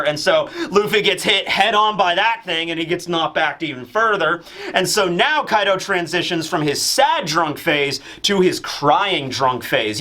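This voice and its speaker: A man giving a casual, animated, joking review of a comic chapter, full of fillers. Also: fairly high pitch. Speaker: manga reviewer.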